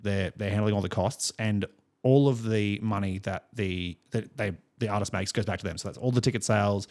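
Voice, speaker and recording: A man's voice: fairly low pitch, fairly quick, a little mellow. A young Australian man co-hosting a music podcast, telling stories in a rambling, chuckling, casual way. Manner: rambling storyteller, chuckles often. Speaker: podcast co-host. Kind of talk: casual chat.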